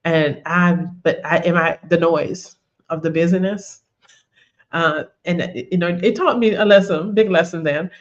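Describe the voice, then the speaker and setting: A woman's voice: on the low side, a little slow, muffled recording. A woman giving a conversational faith teaching, telling personal stories, repeating words and often saying "you know". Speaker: women's ministry teacher.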